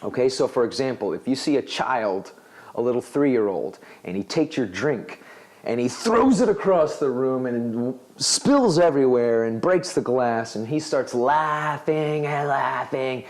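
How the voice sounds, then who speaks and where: A man teaching an English phrase in a video lesson, his pitch swinging up and down as he talks. He explains things lively and jumps into acted-out example lines. His voice sits in a middle register. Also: a little slow. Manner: animated, acts out example dialogues.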